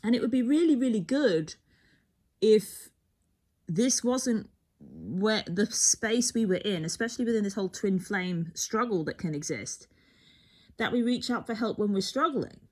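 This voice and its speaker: A woman with an expressive, darkish, medium-pitched voice gives an unhurried tarot card reading. She rambles and muses, often breaking off mid-sentence and sometimes dropping almost to a whisper.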